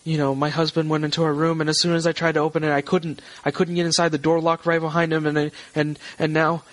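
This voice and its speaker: A man's voice: fairly high pitch, level tone, fast talker, pitched above the performer's own voice, lightly acted. A man voicing a distressed young woman of about twenty who pleads and stammers. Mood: frantic. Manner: pleading, breathless, stammering repeats.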